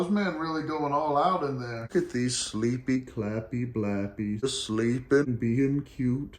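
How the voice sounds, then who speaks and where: Playful man narrating animal rescue vlog. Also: medium pitch. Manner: playful, jokey meme slang, doting baby talk to animals. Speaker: animal rescue ranch host.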